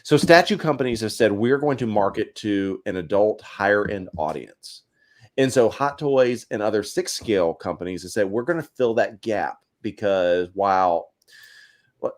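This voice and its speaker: A man co-hosting a casual livestream. He talks a lot and explains his points at length. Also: on the low side. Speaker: co-host.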